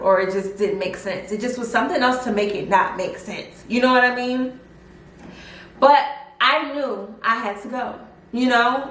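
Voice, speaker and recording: A young woman telling a personal story in a casual vlog, chatty and animated with lots of fillers. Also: fairly high pitch. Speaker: vlogger. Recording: roomy echo, mic at a distance.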